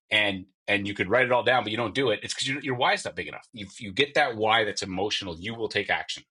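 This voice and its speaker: A man with a husky voice, hosting an energetic, emphatic motivational podcast and telling stories with quoted dialogue. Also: lowish voice, fast, few pauses, poor audio. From Canada. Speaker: podcast host and mortgage coach. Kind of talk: motivational solo podcast talk.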